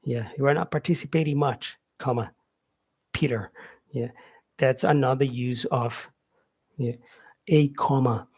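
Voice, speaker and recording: A man gives a casual English grammar lesson, repeating example sentences and filling pauses with "yeah" and "um." His medium-pitched voice is steady, a little mellow, and husky.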